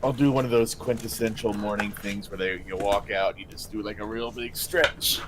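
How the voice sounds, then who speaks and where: Low-voiced man playing a tabletop game. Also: fairly even intonation, moderate pace, very noisy. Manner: hesitant, thinking aloud. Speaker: player. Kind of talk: casual tabletop game play.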